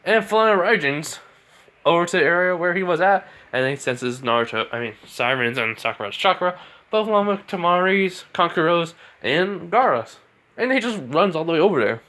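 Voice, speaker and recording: A man's voice: a little high, expressive, moderate pace, pushed and bright. A man casually telling a homemade fan story, rambling and chuckling as he goes.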